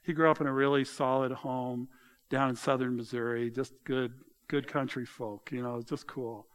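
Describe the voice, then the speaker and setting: A middle-aged man preaching a sermon, animated and often exclaiming with mocking asides. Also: medium pitch, normal speed. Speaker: pastor.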